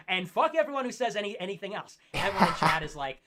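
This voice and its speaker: A man in his twenties co-hosting a casual late-night stream, ranting and animated, mocking people with put-on voices. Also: high-pitched, quick pace. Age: 20s. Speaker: co-host.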